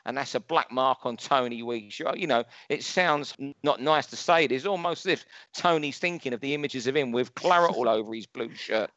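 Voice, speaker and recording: A man's voice: medium pitch, fairly quick, few pauses, fairly bright tone, dry recording, muffled recording. A man with a London accent, talking boxing as a pundit on a casual podcast, chatty and opinionated, given to rants. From London, England.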